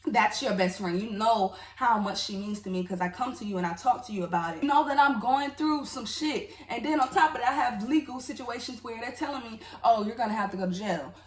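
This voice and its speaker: A woman's voice: fairly high pitch, fairly quick, few pauses, recorded from a distance. A woman telling a personal story in a casual, candid storytime vlog, talking straight to her viewers with emotion. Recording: echoey room, voice off-mic.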